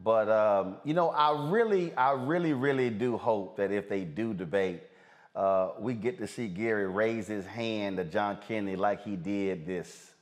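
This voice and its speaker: A male host giving casual news commentary with animated, exclaiming asides between clips. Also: fairly low pitch, unhurried.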